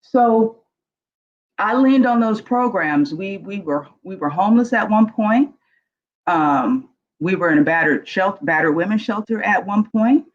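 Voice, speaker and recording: A woman's voice: medium pitch, animated, measured pace, lo-fi sound. A middle-aged woman, emotional and earnest, frankly telling her life story as a guest panelist on a video call. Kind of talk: candid personal storytelling.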